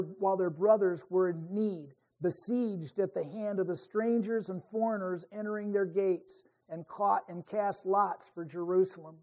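Reading scripture aloud, this earnest preacher keeps restarting his phrases as he works through the Bible verse by verse. His voice is high-pitched and a little mellow.

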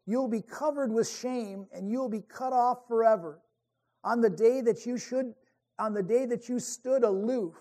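A man's voice: high voice, dark tone. A male preacher teaching verse by verse from the Bible, earnest, often restarting phrases as he reads scripture aloud. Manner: earnest, with frequent restarts while reading scripture.

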